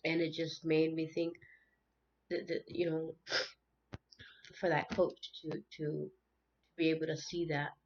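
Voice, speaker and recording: Earnest woman with a lower voice, dull recording. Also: little pitch movement, unhurried, pauses often, darkish tone. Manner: earnest, repeats words and restarts, tearful at times. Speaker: spiritual tarot channel host. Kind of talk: emotional unscripted monologue.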